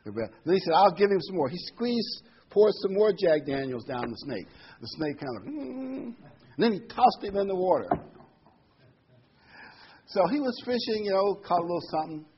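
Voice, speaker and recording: A man's voice: high voice, lively intonation, moderate pace, long pauses, breathy edge, highs cut off. A man preaching a sermon, reading Bible verses aloud and explaining them with folksy asides and a joke.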